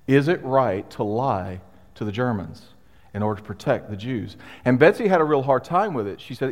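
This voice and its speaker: A male pastor preaching a sermon in a conversational, emphatic way, with pauses for weight. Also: mid-range voice, expressive. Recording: long hall reverb.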